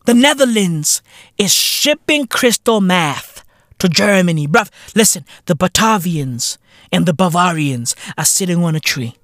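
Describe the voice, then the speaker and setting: A man hosting a podcast, delivering a profane, slang-heavy comedic rant that keeps bursting into shouts. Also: high voice, animated, unhurried, no echo, studio quality. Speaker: podcast host.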